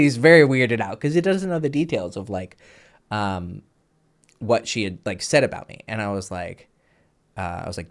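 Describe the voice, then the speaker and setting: A young man and dating coach telling a crude story in a casual, animated way, with frequent fillers and bursts of laughter. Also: lowish voice, brisk.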